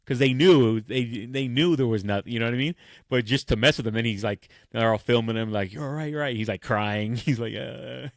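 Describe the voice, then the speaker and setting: A man's voice: medium pitch, fairly quick, dry recording. A man co-hosting a podcast, chatting casually and telling stories animatedly, acting out quoted lines and laughing often. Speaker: podcast co-host. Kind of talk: casual chat.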